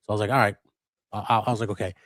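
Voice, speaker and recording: Low-voiced man telling a profane story. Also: steady tone, very fast, a bit bright, dry recording. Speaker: co-host of a live customizing stream. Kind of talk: casual chat, storytelling.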